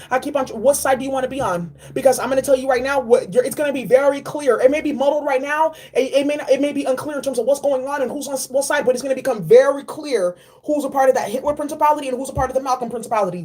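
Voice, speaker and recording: A woman giving a casual spiritual card reading, animated and slangy, repeating key phrases. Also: sits high, fast talker, few pauses, breathy edge. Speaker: tarot and oracle card reader.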